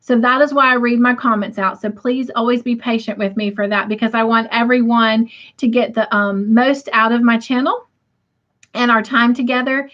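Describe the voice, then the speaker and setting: Reading viewer comments aloud and laughing often, a chatty middle-aged woman hosts an easygoing livestream from her home. She speaks at a moderate pace in a fairly high, steady, and rather bright voice, heard through dull lo-fi stream audio.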